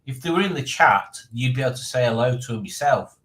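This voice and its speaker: Male stream host, rambling and dry-humoured, mid pitch, roomy home room. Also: expressive, fast talker, fairly bright tone. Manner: rambling, dry playful teasing, reading chat aloud. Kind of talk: casual live stream chat.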